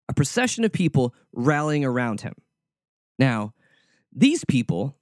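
A man's voice: mid-range voice, darkish tone, no echo, studio quality. A male preacher giving a conversational sermon, informal and often repeating words as he searches for the next one.

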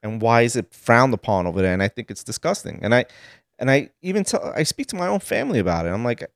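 A man from Sicily, a podcast guest, telling animated stories in casual studio chat. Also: mid-range voice, fast, gravelly, no echo. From Sicily, Italy. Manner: animated storytelling, rising to indignant emphasis.

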